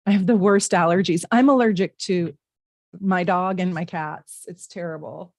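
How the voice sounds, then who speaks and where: A woman's voice: lowish voice, normal speed, dry recording, studio quality. A middle-aged woman hosting a casual live tarot and astrology reading from home, talking chattily to her viewers with plenty of fillers. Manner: chatty, warm asides to viewers, frequent fillers. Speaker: astrologer and tarot reader, livestream host.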